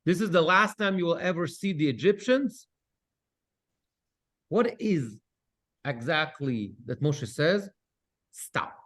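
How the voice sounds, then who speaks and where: This cantor's voice is on the high side, and he teaches slowly with long pauses. In his Bible study class he reads Hebrew verses aloud, translates them and asks lively questions.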